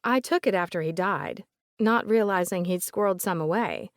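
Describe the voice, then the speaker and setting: A woman voicing an older woman with a soft Southern accent, polite and remorseful, recalling family memories in a gentle, chatty way. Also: mid-range voice, moderate pace, no room sound, clean studio sound, lightly acted.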